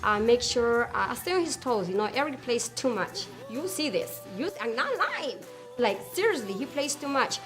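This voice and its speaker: High, bubbly woman, faint music. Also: normal speed. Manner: bubbly, giggly, excitable. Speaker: personal assistant. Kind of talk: casual promo interview.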